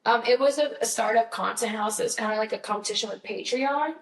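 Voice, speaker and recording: A woman's voice: on the high side, fast talker. A young woman from Georgia with a Southern accent, telling stories in an upbeat, chatty interview with lots of fillers. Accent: Southern American. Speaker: guest musician. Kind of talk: casual interview chat. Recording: roomy, slightly distant mic.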